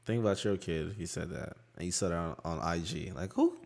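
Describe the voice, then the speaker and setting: A man's voice: sits low, fairly quick, creaky, a little hiss or hum. A man in a casual group chat, making laid-back, wry remarks.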